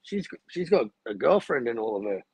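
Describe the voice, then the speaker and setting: A man's voice: mid-range voice, sing-song, moderate pace, darkish tone, slightly rough, dry recording. A man co-hosting a casual podcast, amused and chuckling as he listens.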